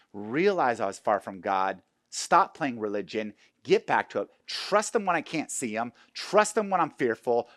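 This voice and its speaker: A man's voice: mid-range voice, no room sound. Fervent male pastor preaching a sermon. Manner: personal storytelling, swinging from hushed to loud and fervent.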